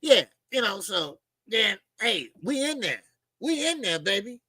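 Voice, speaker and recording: A man hosting a boxing talk show, ranting in loud, emphatic, mocking casual commentary with plenty of swearing. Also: sits high, big pitch swings, measured pace, husky, no room sound.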